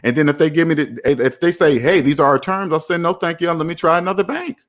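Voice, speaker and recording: A man hosting a live personal finance stream, answering viewer comments in a blunt, animated way and acting out the people he quotes. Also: on the high side, fast.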